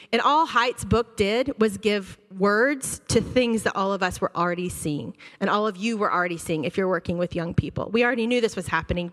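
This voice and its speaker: A woman school counselor giving an animated, conversational talk to a church audience, acting out her students' reactions. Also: mid-range voice. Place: church auditorium. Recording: long hall reverb.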